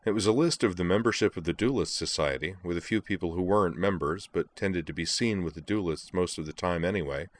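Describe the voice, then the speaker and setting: A man with a very low voice narrates a story aloud. His reading is steady and even, line by line, with a deep, grounded tone. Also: fast, hardly any pauses.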